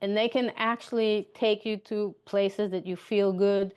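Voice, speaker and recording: A woman's voice: medium pitch, steady tone, a little slow, darkish tone, smooth, highs cut off. A woman giving a motivational coaching talk, chatty, repeating her points and checking in with "okay?".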